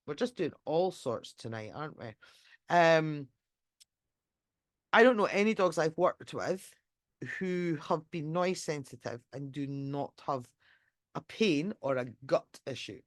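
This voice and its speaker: With a voice that sits low and lively intonation, a woman speaks unhurriedly as a dog trainer in a casual live online talk. The dry, studio-quality recording comes from a computer mic while she screen-shares. Her chatty rambling is full of fillers and restarts, casual swearing, and occasional acted-out dog thoughts.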